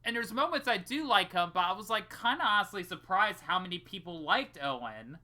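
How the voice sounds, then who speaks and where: A man's voice: high voice, lively intonation, fairly quick, a crowd in the background. A young man co-hosting a podcast in casual chat, rambling and swearing freely. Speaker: podcast co-host.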